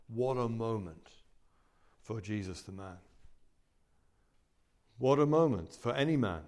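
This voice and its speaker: A man's voice: medium pitch, lively intonation, measured pace, long pauses. Man giving a Bible teaching talk. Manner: conversational, rhetorical questions, emphatic asides.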